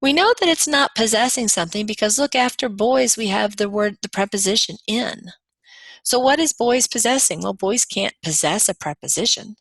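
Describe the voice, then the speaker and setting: A woman's voice: mid-range voice, lively intonation, moderate pace, dry recording. A woman lecturer patiently walking through grammar examples step by step in a recorded lesson. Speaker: college lecturer.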